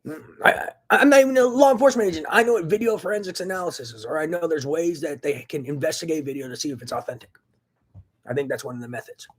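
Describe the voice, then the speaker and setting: Husky-voiced man on an angry rant. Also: a little high, fast. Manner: profane, agitated, swings between loud outbursts and muttering. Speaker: vlogger. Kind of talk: angry ranting monologue.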